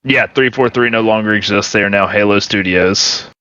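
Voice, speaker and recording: A man co-hosting a podcast who is blunt and crude and mocks the others freely. His voice is lowish but bright and forceful. The mic sounds dull and lo-fi. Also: a little hiss or hum. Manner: blunt, crude, quick to mock. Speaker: podcast co-host. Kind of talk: casual chat.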